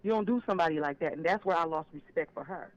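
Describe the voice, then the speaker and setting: A man with a notably high voice calls in over a dull, lo-fi phone line. He tells his story emphatically and with a clear sense of grievance, pressing each point home. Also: quick pace. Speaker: caller. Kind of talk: phone-in call on a live stream.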